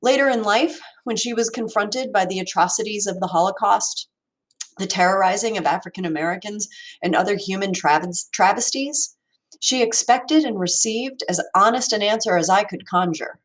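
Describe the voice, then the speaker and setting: A woman in her forties, an educator, giving a prepared talk in a measured, reflective storytelling manner. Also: mid-range voice.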